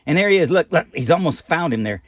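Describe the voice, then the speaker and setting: A man's voice: fairly high pitch, lively intonation, fast talker. A man reading a picture book aloud, breaking off for folksy, rambling, joking asides. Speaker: storybook reader.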